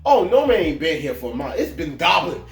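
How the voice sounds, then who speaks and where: Gloating goblin villain voiced by a man, loud, echoey room, faint music. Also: a little high, very animated, a little fast, voice pushed up. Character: gleeful villainous male goblin, taunting.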